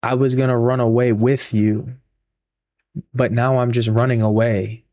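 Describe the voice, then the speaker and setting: A man's voice: mid-range voice, level tone, a little slow, dark tone, dry recording, studio quality, close to an everyday voice. Man quoting a distraught betrayed young woman. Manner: pleading, repeating accusations.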